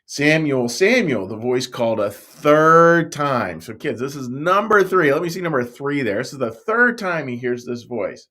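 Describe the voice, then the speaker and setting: A man, a pastor, telling a Bible story to young children in a playful, animated way, speaking right to the kids. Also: mid-range voice, moderate pace, few pauses.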